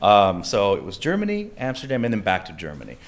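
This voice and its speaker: A man from the United States telling a personal story on stage, animated, often laughing, and jumping into high voices for the people he quotes. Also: a little fast. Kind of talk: live storytelling.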